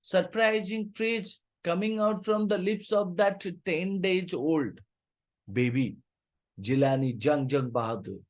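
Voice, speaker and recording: Give me a teacher explaining slowly. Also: male voice, sits high. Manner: rereads lines, then paraphrases them with many "means, uh" fillers. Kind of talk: explaining a literature text to a class.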